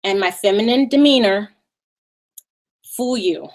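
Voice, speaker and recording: A woman's voice: medium pitch, unhurried. A woman hosting a live stream in a casual, sassy way, with a Valley Girl voice and mocking asides.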